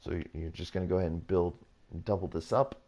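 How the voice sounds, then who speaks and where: Brief: male gaming YouTuber, mellow deep voice, loose self-correcting tutorial chatter. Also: fairly even intonation, fast. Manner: rambling, repetitive, self-correcting. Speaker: YouTuber hosting a gaming channel. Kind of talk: casual build tutorial commentary.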